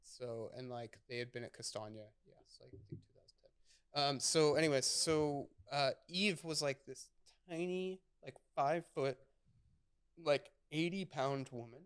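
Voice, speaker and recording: A man's voice: medium pitch, moderate pace, clear, resonant tone. A man in his thirties, a chef and podcast guest, telling a story in a loose, rambling way, full of fillers and swearing. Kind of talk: casual storytelling chat.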